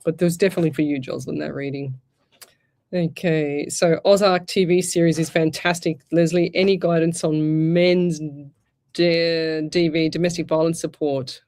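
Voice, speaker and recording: A woman's voice: deep voice, dark tone. A middle-aged Australian woman hosting a live psychic radio show, chatting casually, rambling and restarting her sentences, her throat sore. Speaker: psychic medium radio host.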